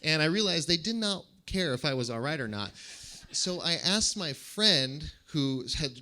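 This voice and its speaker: A man, a pastor, giving a sermon with animated storytelling and gentle humor. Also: a little high, moderate pace. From United States.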